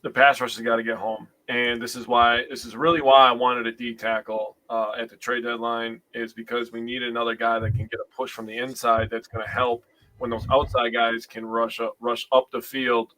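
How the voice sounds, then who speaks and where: A man's voice: medium pitch, level tone, normal speed, sharp tone. A man with a Wisconsin accent co-hosting a sports podcast, rambling and correcting himself as he goes. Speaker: podcast co-host. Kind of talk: casual sports podcast chat.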